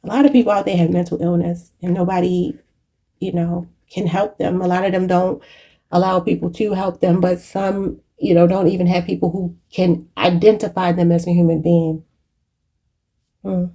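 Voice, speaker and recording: A woman's voice: fairly low pitch, little pitch movement, moderate pace, warm tone, husky. A woman giving a channeled tarot reading, emotional and preachy, choked up and near tears, calling her viewers y'all. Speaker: tarot reader.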